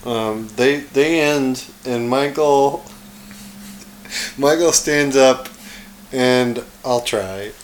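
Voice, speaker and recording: Slow easygoing man on a podcast. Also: medium pitch, slight background noise. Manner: slow, easygoing, hesitant with fillers. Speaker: podcast co-host. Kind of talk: casual chat.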